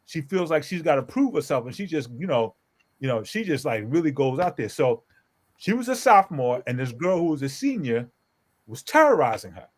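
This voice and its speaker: A middle-aged pastor tells a story in a relaxed group conversation, his slightly high voice swinging widely up and down. He talks with animated emphasis and keeps punching his points with a quick "okay?" to his listeners. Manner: animated and emphatic, often tags lines with "okay?". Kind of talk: storytelling in a casual group talk.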